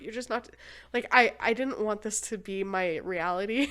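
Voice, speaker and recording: A woman's voice: mid-range voice, measured pace, fairly bright tone, smooth. A young woman hosting a podcast, telling a story in casual chat, laughing often. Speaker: podcast host.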